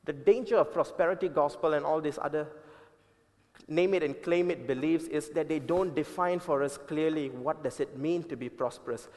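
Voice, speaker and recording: A man preaching a sermon with emphatic, repeated points and deliberate changes of pace. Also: on the high side, darkish tone. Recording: long reverb of a large hall.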